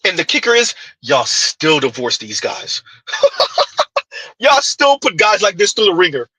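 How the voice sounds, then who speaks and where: A man's voice: high voice, very animated, slow, bright, forceful tone, breathy edge, no room sound, low-quality recording. A man giving heated, mocking reaction commentary on a clip, firing off rhetorical questions.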